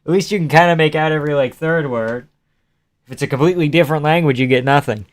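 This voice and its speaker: A man's voice: a little high, fast talker, dry recording. A male streamer giving casual live fight reactions and reading chat questions aloud, offhand and chuckling, swearing now and then.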